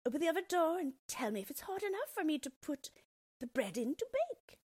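A woman voicing a cruel, half-blind old witch who talks in a shrill, scolding way, in a storybook reading. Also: big pitch swings, brisk, darkish tone, no room sound, clean studio sound. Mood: impatient.

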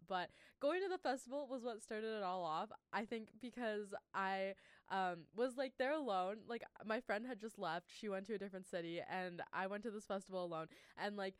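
A woman's voice: medium pitch, clean tone, dry recording, studio quality. A young woman hosting a casual college radio show, chatty and bubbly with lots of ums. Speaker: radio host. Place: radio studio.

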